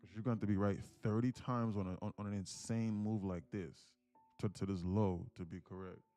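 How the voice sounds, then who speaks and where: Blunt low-voiced man coaching traders. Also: steady tone, a little fast, warm tone, faint music behind. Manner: blunt, informal, coaching viewers directly. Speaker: day-trading livestream host. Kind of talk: live trading commentary and coaching.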